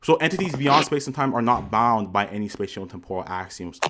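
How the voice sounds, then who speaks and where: Give me a quick-talking man lecturing through a debate argument. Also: lowish voice, lively intonation, a bit bright, slight background noise. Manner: rapid, jargon-heavy, lecturing. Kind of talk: heated online debate.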